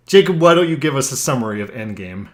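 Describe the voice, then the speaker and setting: A man co-hosts a casual comedy podcast in a mid-pitched voice that swings up and down a great deal. He is quick to break into laughter and keeps the banter loose and playful. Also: big pitch swings. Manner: giggly, breaks into laughter easily. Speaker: podcast co-host.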